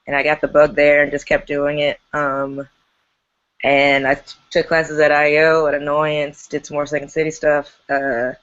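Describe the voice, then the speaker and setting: A woman's voice: deep voice, completely flat delivery, moderate pace, fairly bright tone, clear, resonant tone, muffled recording. A woman who runs an improv theater, chatting casually and laughing on a video call.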